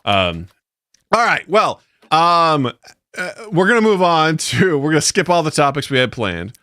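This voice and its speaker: A man's voice: a little high, very animated, measured pace, bright, forceful tone, no room sound, studio quality. A man co-hosting a casual podcast, rambling loosely, with lots of fillers and cursing. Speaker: podcast co-host.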